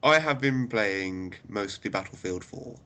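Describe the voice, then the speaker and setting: A man's voice: fairly low pitch, animated, a little slow, pushed and bright. A man co-hosting a gaming podcast, laid-back and laughing easily in casual chat. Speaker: podcast co-host.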